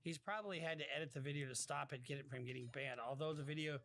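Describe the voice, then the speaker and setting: A man's voice: fairly high pitch, quick pace, fairly bright tone. A man giving casual live-stream commentary and reading out viewer messages, blunt and swearing freely, often stopping and restarting his sentences.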